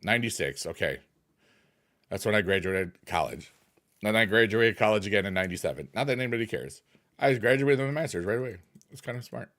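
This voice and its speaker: Goofy male game streamer, lively voice. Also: on the low side, fast talker. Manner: goofy, chants silly chicken noises, talks to chat. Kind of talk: casual game stream chat.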